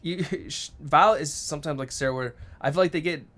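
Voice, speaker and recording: A man co-hosting a casual live show, telling a family story in a brisk, animated way. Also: a little high. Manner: storytelling, acts out quotes, brisk. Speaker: co-host. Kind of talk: casual live-stream chat.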